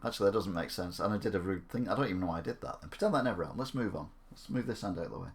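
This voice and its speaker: A man's voice: low voice, rapid-fire, creaky. Jokey man on a stream. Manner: jokey, self-mocking, rambling. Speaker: gaming streamer. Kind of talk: casual live stream chat.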